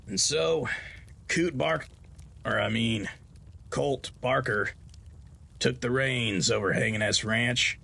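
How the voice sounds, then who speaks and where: A man's voice: medium pitch, slow, vocal fry, long pauses, pushed and bright. A man hosting a podcast of Western horror tales, narrating a story in a folksy, homespun way.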